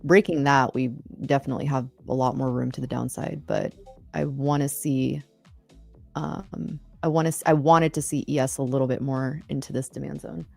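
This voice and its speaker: A woman hosting a live trading stream, analyzing charts quickly and cursing under her breath. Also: a bass voice, fairly even intonation, gravelly, a little mellow, faint music behind. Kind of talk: casual live trading commentary.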